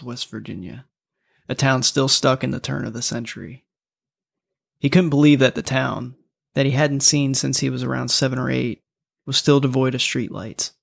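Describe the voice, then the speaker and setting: A man's voice: medium pitch, vocal fry, a bit bright. A man narrating a story in a casual, profane audiobook manner.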